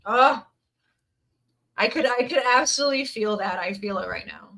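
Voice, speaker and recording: A woman's voice: fairly high pitch, normal speed, vocal fry, sharp tone, low-quality recording. A woman giving a live tarot reading to her viewers, earnest and emotional, teary at times, repeating her words of encouragement. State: teary, near crying. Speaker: tarot reader.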